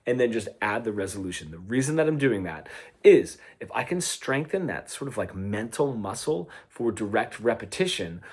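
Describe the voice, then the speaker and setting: Lively, chatty male guitar teacher. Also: on the low side, moderate pace, husky. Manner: chatty, animated, with frequent "right?" checks. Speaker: guitar coach. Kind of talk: casual guitar lesson with playing examples. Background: guitar playing between phrases.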